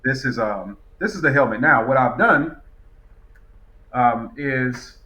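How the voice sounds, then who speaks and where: A man rambles through casual podcast chat in a loose, relaxed way, dropping plenty of fillers. His voice sounds bright and forceful. Faint room noise sits behind him. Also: medium pitch, takes it slowly, poor audio. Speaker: podcast guest.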